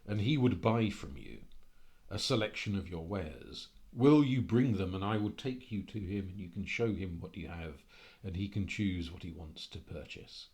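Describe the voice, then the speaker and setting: A man doing a smooth, courtly rich stranger. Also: low-pitched, animated, normal speed, a little mellow. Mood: persuasive. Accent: put-on unplaceable foreign accent. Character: handsome, rich young stranger, insistent and smooth.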